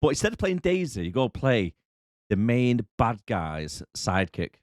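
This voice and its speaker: A man's voice: medium pitch, sing-song, measured pace, no room sound, clean studio sound. A man co-hosting a podcast, laughing and joking in casual chat. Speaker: podcast co-host.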